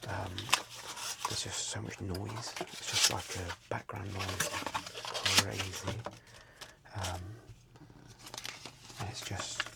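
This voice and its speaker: A man, softly whispering as he chats casually and rambles during an ASMR video. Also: low voice, level tone, takes it slowly, vocal fry, pauses often, heavy background noise. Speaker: card seller and streamer. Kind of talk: soft-spoken ASMR chat. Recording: loud crinkling packaging close to the mic.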